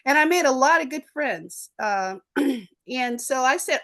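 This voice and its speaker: An attorney from Memphis, Tennessee, speaking with a Southern US accent, appears as a podcast guest and tells animated stories with frequent laughter and asides. Her voice is high-pitched and a bit bright, at a normal speed.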